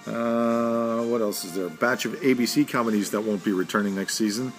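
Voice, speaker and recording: A man's voice: fairly low pitch, a little fast, faint music behind. A man co-hosting a casual podcast, running through a list of TV news with joking asides. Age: adult with a son. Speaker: podcast co-host. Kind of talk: casual chat.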